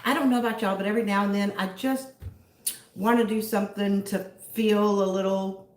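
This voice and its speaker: A Southern American woman greets livestream viewers by name, giggling through casual chat. Her mid-range, darkish voice is fairly even in intonation and a little fast, with a roomy sound.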